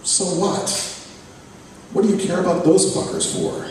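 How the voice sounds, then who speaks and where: A man's voice: high voice, wildly swooping pitch, a little slow, darkish tone, slight background noise, pitched above the performer's own voice, heavily acted. A man doing foul-mouthed teen Kay, blunt. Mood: incredulous. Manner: profane, blunt. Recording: echoey hall from far off.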